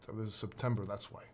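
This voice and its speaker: A man's voice: lowish voice, slight background noise. A middle-aged man from Greece, a crypto video host, talking casually and bluntly, swearing and rambling with restarts. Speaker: crypto YouTuber. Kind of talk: casual solo video talk.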